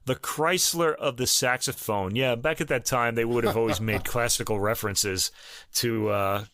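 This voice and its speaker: A man co-hosting a music podcast, chatting casually and thinking aloud with many pauses and ums. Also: mid-range voice, a bit bright. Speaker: podcast co-host. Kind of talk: casual chat about recordings.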